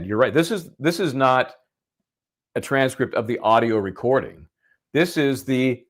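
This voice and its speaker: A man co-hosting a live legal show, reading a court ruling aloud with wry joking asides. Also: lowish voice. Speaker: co-host of a legal commentary show. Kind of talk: live legal analysis chat.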